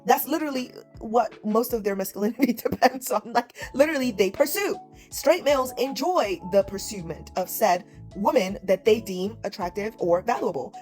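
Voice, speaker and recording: A woman's voice: a little high, normal speed, darkish tone, faint music behind. A woman giving reaction commentary in a mocking, scornful way, repeating her points.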